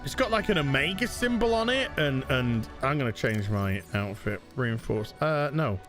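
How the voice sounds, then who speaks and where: A man's voice: mid-range voice, lively intonation, normal speed, fairly bright tone. A man with an English accent chatting casually on a game live stream, reading out donations and rambling with lots of fillers and restarts. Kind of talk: casual live-stream chat while playing. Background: game music.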